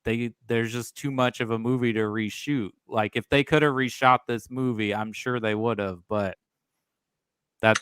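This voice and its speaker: Smooth-voiced man in a dry room. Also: mid-range voice, fairly even intonation, a little slow, a bit bright, no echo. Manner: chatty and opinionated. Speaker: podcast guest. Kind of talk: casual film discussion.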